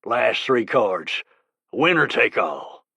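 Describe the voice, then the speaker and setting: A man voicing a drunk, belligerent bullwhacker who slurs and growls slowly. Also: medium pitch, very animated, creaky, pushed and bright, breathy edge, dry recording, heavily acted. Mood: snarling. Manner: slow, slurred, snarling.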